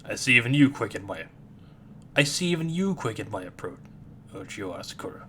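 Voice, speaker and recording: A man's voice: fairly low pitch, big pitch swings, a little fast, bright, forceful tone, a little hiss or hum. A man voicing an arrogant teenage boy shaman who speaks with cold contempt. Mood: menacing.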